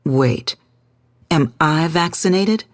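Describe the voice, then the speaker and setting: A woman's voice: sits low, slow, dry recording, studio quality. A woman voicing a panicked young man. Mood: alarmed.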